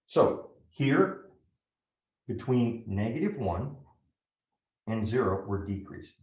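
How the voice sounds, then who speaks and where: A man's voice: on the low side, animated, slow pace, a little mellow, reverberant, highs cut off. A man teaching a math lesson step by step, often checking in with "right?". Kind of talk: classroom lecture at a whiteboard.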